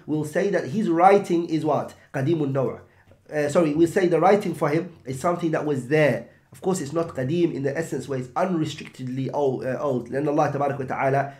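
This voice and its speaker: A man teaching an Islamic text, explaining in English with Arabic terms and rhetorical questions. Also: a little high.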